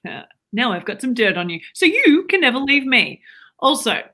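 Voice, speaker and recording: A woman's voice: high-pitched, sing-song, moderate pace, bright, forceful tone, full character voice. A woman playing an eager, playful wife. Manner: earnest, playful, tries on accents. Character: Lester's Australian wife, young adult woman, eager to please. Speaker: comedic co-host character. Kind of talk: improvised comedy sketch.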